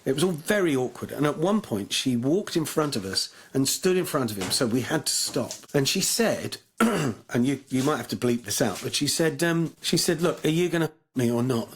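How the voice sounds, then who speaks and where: A man's voice: medium pitch, animated, moderate pace, hardly any pauses, slight background noise. An English man telling stories as a guest in an interview, rambling with many restarts. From England. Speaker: guest musician. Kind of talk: anecdotal interview chat.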